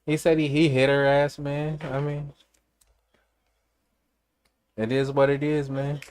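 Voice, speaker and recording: A man's voice: a little high, completely flat delivery, slow pace, darkish tone, a little hiss or hum. A man from Chicago chatting casually on a livestream, telling stories bluntly and with lots of profanity.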